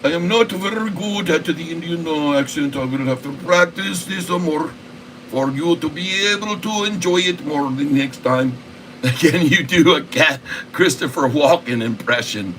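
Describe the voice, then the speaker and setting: A jokey man hosts a casual livestream, laughing often as he reads chat aloud. His voice is bright and sits some way from the mic. An air conditioner hums faintly behind. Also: fairly high pitch, normal speed, recorded from a distance, a little hiss or hum, low-quality recording. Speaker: livestream host.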